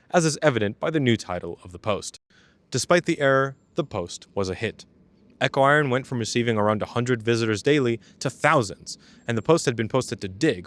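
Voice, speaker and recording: Young guy reading a video essay script, dry close sound, mid-pitched, cracks wry jokes on the side. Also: no echo. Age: young adult. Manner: wry, with casual joking asides.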